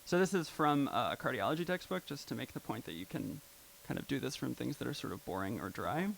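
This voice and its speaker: A man's voice: medium pitch, animated, quick pace, creaky, a bit bright, slight background noise, low-quality recording. A man giving a casual live talk at a poetry and technology evening, loose and chatty with many fillers. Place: live event venue.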